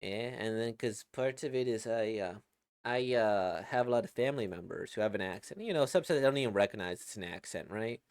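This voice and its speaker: A man's voice: on the low side, fairly quick, clean tone, dry recording. A man casually reacting to a webcomic he reads, rambling and reflective, with many fillers and restarts.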